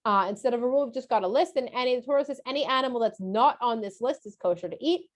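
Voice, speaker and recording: A woman's voice: a little high, rapid-fire. A woman teaching a casual lesson for kids, chatty and explanatory with frequent filler sounds.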